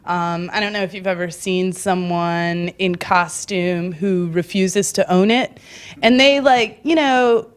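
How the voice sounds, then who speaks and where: Young woman, stand-up comedian, giggly, rambling, self-mocking, live club stage, loud high acted-out quotes. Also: measured pace, clean tone.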